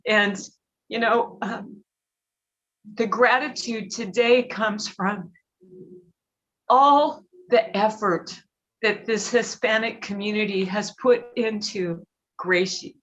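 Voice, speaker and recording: A woman giving an emotional, halting personal share at a recovery meeting, teary and sniffling, with many fillers and restarts. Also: mid-range voice, a bit bright, lo-fi sound. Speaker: guest speaker at a recovery meeting.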